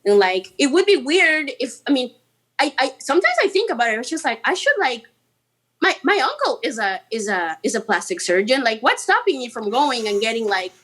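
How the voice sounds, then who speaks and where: Chatty, animated woman with a raised pitch. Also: a little fast. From Colombia. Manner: animated and chatty, full of "like" and "you know"; playful, mocking asides. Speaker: musician guest. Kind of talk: casual interview.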